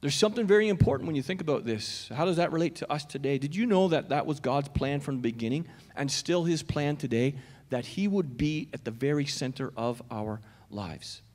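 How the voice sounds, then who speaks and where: High-voiced pastor preaching in a reverberant hall. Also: male voice, expressive, fairly quick, a little mellow. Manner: conversational, questions the congregation directly. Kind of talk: sermon. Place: church auditorium. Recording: long reverb of a church hall.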